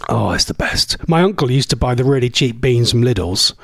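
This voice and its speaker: A man presenting a casual radio show, rambling and chatty, his voice going a bit hoarse. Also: medium pitch, lively intonation, moderate pace, dry recording. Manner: rambling, chatty, laughs often.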